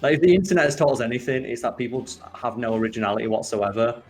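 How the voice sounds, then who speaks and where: A man's voice: medium pitch, expressive, very fast, faint music behind. A man co-hosting a let's play, chatting casually and ranting with exasperation and swearing. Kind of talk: casual gameplay commentary.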